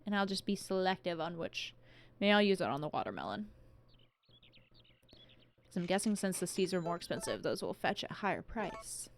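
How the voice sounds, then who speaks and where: A woman's voice: lowish voice, very animated, normal speed, vocal fry, pauses often, a little hiss or hum. A young woman streaming a farming game, chatting casually and thinking aloud as she plays. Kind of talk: casual gameplay commentary.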